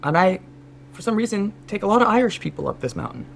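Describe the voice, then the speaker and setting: A Canadian man plays a smooth, scheming mountain guide who smothers his client in polite concern. The voice stays his own, pitched a little high, with a podcast host's quick improvised patter. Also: expressive, a bit bright, slight background noise, exaggerated voice. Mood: mock-concerned. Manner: fawning, mock-concerned, keeps saying sir. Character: scheming male Sherpa guide, overly polite. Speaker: podcast co-host. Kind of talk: improvised comedy sketch.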